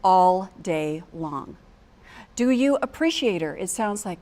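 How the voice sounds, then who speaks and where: A woman's voice: on the low side, animated, slow, a little mellow. An older American woman, a marriage coach, giving an earnest teaching talk to couples and acting out phrases with emphasis.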